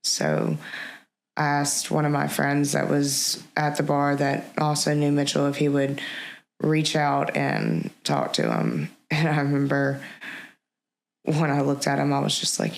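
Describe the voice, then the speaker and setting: A woman guest in an interview, telling a personal story in a halting, reflective way, with many pauses and restarts. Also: deep voice, very animated, vocal fry. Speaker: podcast guest.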